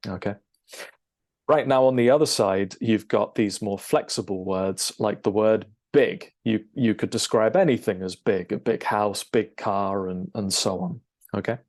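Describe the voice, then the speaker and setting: A man, an English teacher, explaining a lesson over a shared screen, checking in with "okay?" and filling pauses with "um". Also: on the low side, fairly even intonation, a little mellow. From United Kingdom. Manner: explanatory, frequent "okay?" check-ins and "um" fillers.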